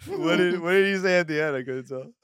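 A man, a comedian host, trading loud, playful banter with friends. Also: high voice, fast talker, smooth. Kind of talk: casual banter.

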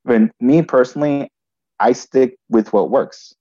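A man's voice: mid-range voice, dark tone, muffled recording. A man telling a personal story in conversation, restarting often and adding "right?" as he goes. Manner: halting, frequent restarts and "right?" tags.

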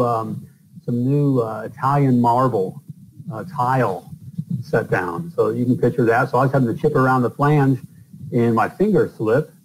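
A man's voice: mid-range voice, gravelly, darkish tone, slight background noise, low-quality recording. A middle-aged man from the northern US, a plumber and podcast host, telling stories in a loose, rambling way with lots of fillers. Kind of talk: casual storytelling interview.

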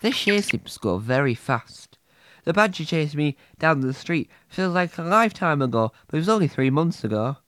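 A man, narrating and acting the lead in a homemade comedy, in an earnest, slightly halting way. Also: a little high, sing-song, fairly bright tone, slight background noise.

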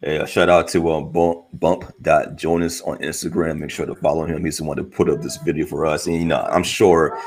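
A man's voice: very deep voice, little pitch movement, brisk, few pauses, darkish tone. A man co-hosting a podcast, chatting casually and loosely in slang as he reacts to clips. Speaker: podcast co-host.

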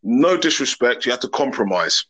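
A man's voice: medium pitch, sing-song, normal speed, a bit bright, breathy edge, low-quality recording. A man, a podcast guest talking openly and earnestly in long reflective thoughts. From England. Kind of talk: open casual conversation.

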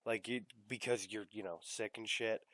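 Casual young male podcast host, lowish voice, dry close mic, rambling and profane. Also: fairly even intonation, normal speed, bright, forceful tone, no room sound. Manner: rambling, lots of fillers and swearing. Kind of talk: casual chat.

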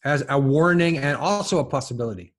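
Podcast guest, male, mid-pitched, halting delivery full of restarts and repeats, musing. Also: expressive. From lives in France. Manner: halting, many restarts and repeated words, thinking aloud. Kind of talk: casual intellectual conversation.

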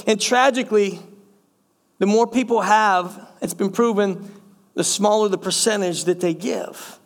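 A man's voice: high-pitched, unhurried. A middle-aged male pastor preaching a sermon, calling the congregation "church" and repeating phrases for emphasis. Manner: speaks directly to the congregation as church.

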